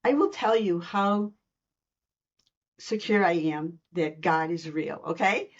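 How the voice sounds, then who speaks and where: Podcast guest: female, slightly low voice, animated storyteller who laughs often; dull, lo-fi sound. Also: takes it slowly. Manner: lively storyteller, laughs between lines. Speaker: guest, intuitive reader. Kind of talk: personal storytelling in a podcast interview.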